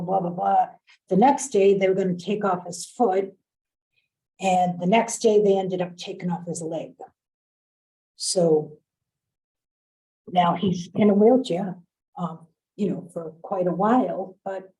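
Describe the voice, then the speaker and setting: A woman's voice: medium pitch, warm tone, rough recording. A woman on a video call, earnestly telling a story from her work in a training session and quoting the people involved. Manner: earnest, quotes the dialogue of others. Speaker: program staff member in a training session.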